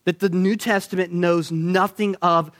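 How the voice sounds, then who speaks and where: A male preacher with a notably high-pitched voice delivers a sermon. He is emphatic, stacks rhetorical questions and slows down to drive home his points. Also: fairly even intonation.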